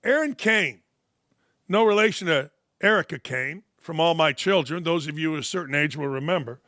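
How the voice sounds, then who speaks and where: A man's voice: on the high side, expressive, normal speed, bright, forceful tone, no echo, studio quality. A man, hosting a sports talk show in a blunt, sarcastic, heated monologue. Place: studio.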